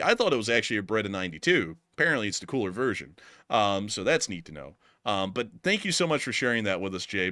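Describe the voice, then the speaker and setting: A man from the Southern United States hosting a casual livestream, excitable and quick to say "dude". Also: lowish voice, no room sound, studio quality. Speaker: host.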